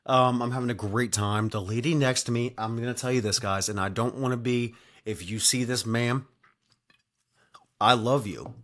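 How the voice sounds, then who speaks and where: A man's voice: medium pitch, fairly even intonation, normal speed, fairly bright tone. A man telling a travel story in a casual, rambling monologue, full of swearing, fillers and tag questions. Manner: rambling and profane, heavy on fillers and "right?".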